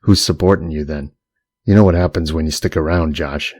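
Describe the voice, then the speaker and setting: Picture a middle-aged driver laying out threats in a calm, matter-of-fact way, voiced by a man reading an audiobook. The voice sits very low and barely moves in pitch. The recording is close and dry. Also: fairly quick, no room sound. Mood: cool, menacing. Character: middle-aged male getaway driver, coaxing and menacing. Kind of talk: audiobook character voice.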